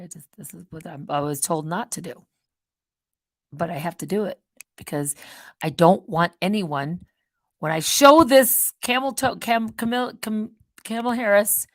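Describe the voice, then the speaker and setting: A woman talks straight to camera in a loose, rambling monologue, her voice sitting a little higher than most. She lurches from loud bursts to quiet muttered asides. The sound is close and dry, with no room echo. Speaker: channel host. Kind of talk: ranting casual monologue.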